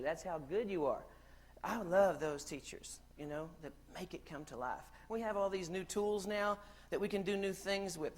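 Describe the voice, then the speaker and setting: A man's voice: on the high side, a little hiss or hum. A middle-aged man giving a humorous keynote to teachers in a large conference hall, talking straight to the crowd. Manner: joking, addresses audience directly. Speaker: keynote speaker.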